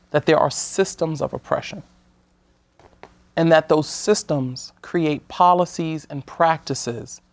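A woman from the United States speaking as a guest on an interview show, measured and earnest, sometimes restarting her sentences. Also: low voice, no room sound. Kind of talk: conversational talk-show interview.

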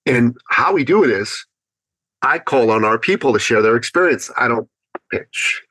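A man telling a personal story as a guest on an interview podcast, acting out his own thoughts with animated pitch. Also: normal speed, no echo, low-quality recording. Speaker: podcast guest, business speaker.

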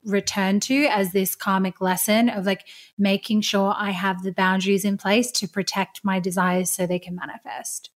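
A woman's voice: medium pitch, flat delivery, normal speed. A woman guest on a podcast, sharing her experience in an open, reflective and casual way. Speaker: podcast guest, business owner. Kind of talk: casual interview chat.

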